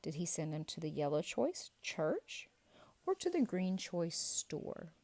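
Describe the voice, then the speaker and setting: Running a kids' quiz review, this children's ministry teacher speaks slowly in a mellow, low voice. Her delivery is lively, playful, and encouraging, and she stretches out the answer reveals for effect.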